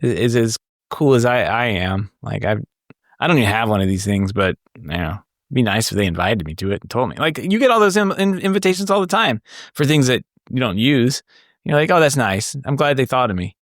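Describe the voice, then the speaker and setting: A man's voice: medium pitch, expressive, a little fast, dry recording, clean studio sound. A man hosting a tech podcast in casual chat, wry and self-mocking, often restarting his sentences. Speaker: podcast host.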